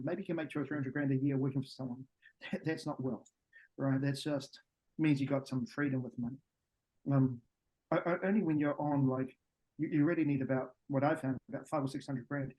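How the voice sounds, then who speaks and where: A middle-aged man from New Zealand with a New Zealand accent, a podcast guest and business coach talking in a blunt, profane, animated way. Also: on the high side, rough recording. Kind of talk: podcast interview.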